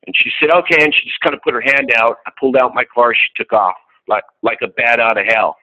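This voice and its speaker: A man's voice: medium pitch, fast talker, bright, forceful tone, lo-fi sound. A middle-aged man, an insurance salesman, telling a group about his sales calls in a candid, profane way and acting out both sides of each conversation. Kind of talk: casual storytelling to a group.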